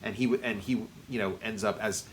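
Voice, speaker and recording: A man's voice: on the low side, steady tone, a little fast, a little hiss or hum. A man co-hosting a casual movie review podcast, rambling and circling back with many fillers. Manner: rambling, lots of fillers and restarts. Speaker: podcast co-host.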